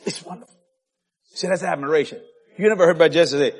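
A male preacher delivering a lively sermon, shouting and laughing, stretching out key words. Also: fairly high pitch, slightly rough. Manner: animated, shouting, laughing, drawn-out emphasis.

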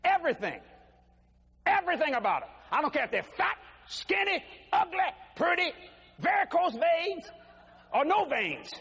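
An older preacher with a strikingly high voice delivers a folksy sermon, his pitch swinging up and down with every point. His voice rings through the long reverb of a large hall. A faint hiss sits in the background. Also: normal speed, gravelly. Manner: folksy, animated preaching with acted quotes. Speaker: pastor. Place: church sanctuary. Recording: echoey hall, faint noise.

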